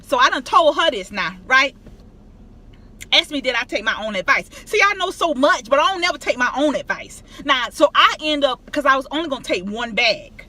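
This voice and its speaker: Animated woman vlogger. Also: high voice, a little fast. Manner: animated, emphatic, addresses viewers as y'all. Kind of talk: casual storytelling to camera.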